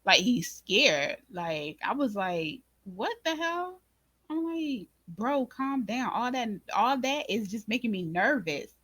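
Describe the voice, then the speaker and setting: A woman hosting a casual recap of a drama episode, speaking to viewers in an informal, expressive way and acting out her own reactions. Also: medium pitch, takes it slowly, few pauses, no echo. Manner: animated, talks to viewers as "y'all" and "baby"; acts out her own reactions in quoted asides. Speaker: reaction channel host.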